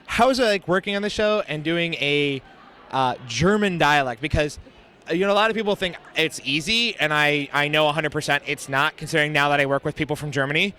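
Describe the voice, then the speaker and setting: A man's voice: on the high side, fairly quick, pushed and bright, slight background noise. A man interviewing a guest at a convention, upbeat and eager, asking long questions. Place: busy convention floor.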